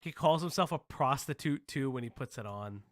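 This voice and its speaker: A man's voice: medium pitch, expressive, moderate pace, no echo, studio quality. A man hosting a commentary stream, talking sarcastically and joking about the clips he plays. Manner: sarcastic, jokes and laughs at the clips. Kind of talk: mocking commentary.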